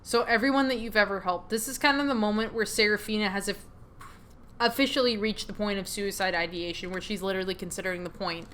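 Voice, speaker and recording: A woman's voice: medium pitch, fast talker, fairly bright tone. A young woman commenting casually while playing her own game, hesitant and a little nervous.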